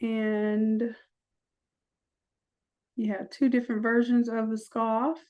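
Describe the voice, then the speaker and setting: A woman's voice: on the high side, level tone, slow, muffled recording. Chatty woman teaching a design tutorial. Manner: chatty, folksy asides. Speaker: design instructor. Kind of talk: screen-recorded software tutorial.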